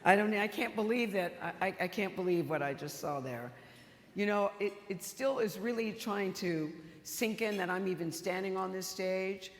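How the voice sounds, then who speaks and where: A woman's voice: medium pitch, moderate pace. An older woman giving an acceptance speech on stage, emotional and chatty, telling funny stories to the audience. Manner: emotional, chatty storytelling with humor. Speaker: award honoree. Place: stage in a large auditorium. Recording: reverberant hall with live audience.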